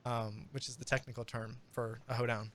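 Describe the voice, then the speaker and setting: A man's voice: medium pitch, flat delivery, fairly quick, noisy background. A man narrating as game master in a tabletop game, rambling with plenty of fillers.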